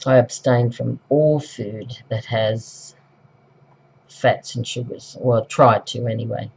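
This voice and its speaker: Slow, rambling middle-aged Australian woman. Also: rumbling low, fairly even intonation, creaky, a little mellow, slightly rough. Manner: rambling and chatty, with many ums and self-corrections. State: recovering from flu. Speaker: craft vlogger. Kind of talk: casual craft tutorial chat. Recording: dull, lo-fi home recording.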